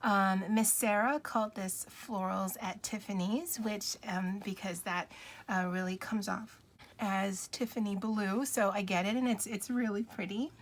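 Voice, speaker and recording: A woman's voice: mid-range voice, fairly even intonation, measured pace. Woman planner vlogger, casual chat to camera, giggly and self-deprecating.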